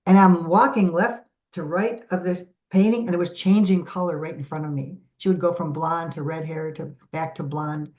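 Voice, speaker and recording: A middle-aged woman guest on a podcast, telling stories in a lively way and acting out the voices of the people in them. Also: fairly low pitch, normal speed, hardly any pauses. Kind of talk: animated storytelling in a podcast interview. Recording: dull lo-fi audio.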